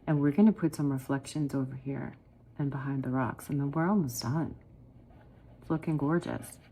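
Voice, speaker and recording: A middle-aged woman with a low-pitched voice talks her viewers through a watercolor painting step by step. She is chatty and encouraging, calling the audience "guys" as she works. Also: moderate pace, warm tone, a little hiss or hum. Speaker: watercolor art teacher.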